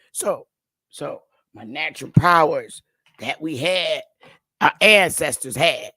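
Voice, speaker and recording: A man's voice: on the high side, expressive, normal speed, pushed and bright, dry recording, clean studio sound. A man hosting his own online show, ranting casually to viewers in a loose, mocking, slangy way, full of asides and restarts.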